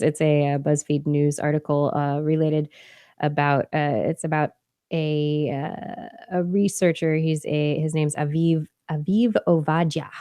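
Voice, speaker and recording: A woman in her thirties co-hosting a podcast, chatting casually with many fillers and pauses. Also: deep voice, warm tone, dry recording, clean studio sound. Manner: halting, many fillers, playful with silly voices. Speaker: podcast co-host. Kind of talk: casual chat.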